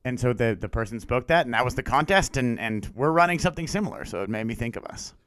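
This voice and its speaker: A man's voice: medium pitch, fast talker, clean tone, no room sound. A man co-hosting a podcast in a studio, chatting casually and jokingly, slipping into mock radio-announcer bits. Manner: jokey, animated, slips into goofy radio-announcer voices. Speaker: podcast co-host. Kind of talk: casual chat.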